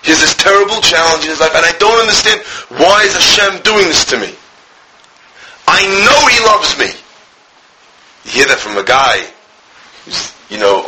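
High, bright-voiced impassioned male preacher. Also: animated, moderate pace, long pauses, poor audio. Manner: impassioned, swinging from cries to hushed storytelling. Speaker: rabbi and school director. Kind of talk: sermon with storytelling.

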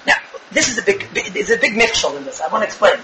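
Fast, high-voiced man giving a lecture. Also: very animated, reverberant, a crowd in the background, poor audio. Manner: emphatic, rhetorical questions, acts out dialogues. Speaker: religious teacher. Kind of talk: Torah lecture.

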